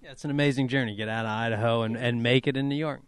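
A man's voice: mid-range voice, fairly even intonation, very fast, clear, resonant tone. A man interviewing a guest with short, easygoing questions. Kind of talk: casual interview.

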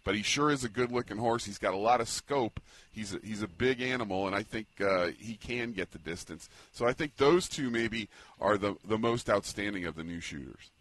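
A man working as a racing analyst on radio, weighing up the horses in a measured way with some hesitant restarts. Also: on the low side, fairly bright tone.

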